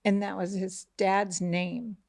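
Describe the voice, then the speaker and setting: A middle-aged woman telling a family story in casual podcast chat, animated, acting out the voices of the people in it and often asking "right?". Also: medium pitch, slow, gravelly, no room sound, clean studio sound. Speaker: podcast co-host, mother of the host.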